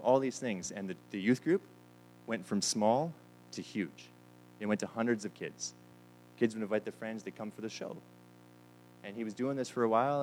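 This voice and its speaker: A man with a lowish voice preaches, telling stories and acting out what the people in them say, often repeating words. He's a pastor, captured on a low-quality recording.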